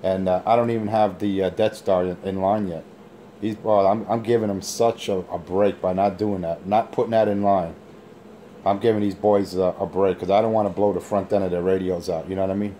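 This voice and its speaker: A man's voice: low voice, steady tone, a little fast, mellow, a little hiss or hum. Boastful, taunting man on a radio mic. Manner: boastful, taunting trash talk. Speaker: CB radio operator. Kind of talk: on-air radio banter.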